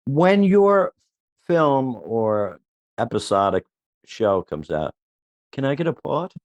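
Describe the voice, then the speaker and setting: Man host, joking, stumbling, lively pitch, dry close sound. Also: slow pace, dry recording, lo-fi sound. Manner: joking, repeats himself, stumbles. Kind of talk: casual interview chat.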